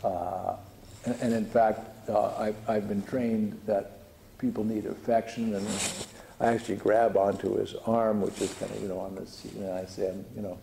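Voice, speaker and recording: Gravelly mellow guy rambling thru a story, lots of you know, echoey hall sound. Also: fairly low pitch, little pitch movement, moderate pace, a little hiss or hum. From United States. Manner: chatty, many fillers and restarts. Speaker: spiritual teacher. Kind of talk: storytelling talk to a group. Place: hall with audience. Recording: echoey room recording.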